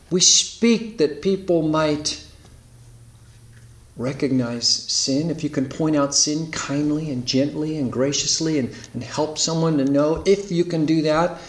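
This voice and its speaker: A man preaching a sermon, emphatic, slowing to stretch key words and asking rhetorical questions. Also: on the high side, reverberant, far from the mic. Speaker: pastor.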